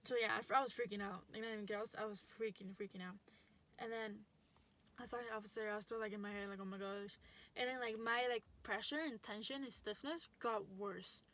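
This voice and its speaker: A woman's voice: a little high, fairly even intonation, brisk, fairly bright tone. A young adult woman telling a story in a casual vlog, chatty and full of fillers and restarts. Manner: chatty, lots of likes and restarts. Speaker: vlogger.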